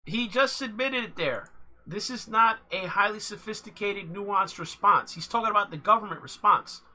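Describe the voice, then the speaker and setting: A livestream host giving casual live commentary on video clips, halting and full of fillers. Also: mid-range voice, noisy background. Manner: halting, with many fillers and restarts.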